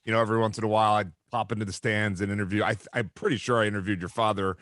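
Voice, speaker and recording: A man's voice: lowish voice, fairly even intonation, rapid-fire, fairly bright tone, no echo, studio quality. A man hosting a podcast interview, asking questions in a casual way and repeating words as he goes. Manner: stammering, repeats words, laughs along.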